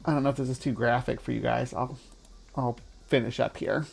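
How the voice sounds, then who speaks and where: A man's voice: mid-range voice, steady tone, brisk, gravelly. A man hosting a casual livestream, chatty and playful, often laughing. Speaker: livestream host.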